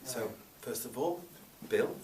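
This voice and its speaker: Brief: pastor, calm measured prayer, roomy church, distant mic. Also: male voice, mid-range voice. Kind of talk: opening prayer and introduction. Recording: echoey church, from far off, faint noise.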